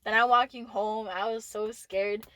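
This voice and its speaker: A woman's voice: fairly high pitch, fairly even intonation, measured pace, a bit bright, no echo. A young woman with a Texan accent, co-hosting a casual podcast and telling stories with lots of laughter and swearing. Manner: laughing storyteller, swears freely. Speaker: podcast co-host. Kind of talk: casual chat.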